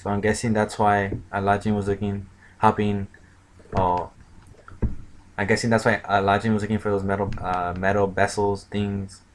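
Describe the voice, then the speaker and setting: A man's voice: fairly low pitch, little pitch movement, normal speed, slight background noise, poor audio. A man casually retelling a manga chapter as a reviewer, rambling and full of filler words.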